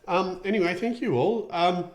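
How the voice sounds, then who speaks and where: Reading out viewer comments on his casual livestream, a middle-aged Australian host rambles chattily and fills his speech with ums. He speaks at normal speed in a high-pitched voice.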